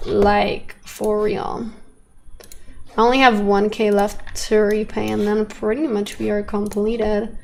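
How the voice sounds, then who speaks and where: A woman's voice: fairly high pitch, fairly even intonation, a little slow, vocal fry, slight background noise. A young woman streaming a park-building game, chatting to her viewers in an exasperated, chatty way. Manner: exasperated, chatty, talks to chat. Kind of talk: casual gameplay commentary.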